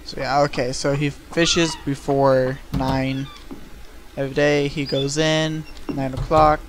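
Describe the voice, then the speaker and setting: This gameplay video creator, a young man, has a medium-pitched voice and a slow pace against a noisy background. His let's-play commentary is easygoing and rambling, heavy on fillers, recorded at home with the game music clearly audible.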